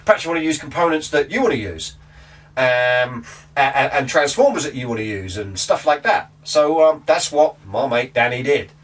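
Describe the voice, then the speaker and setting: A man's voice: mid-range voice, expressive, moderate pace, fairly bright tone. A man chatting casually to camera about guitar amps, rambling and restarting his sentences. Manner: rambling, chatty, self-interrupting. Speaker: guitar gear vlogger. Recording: distant from the mic.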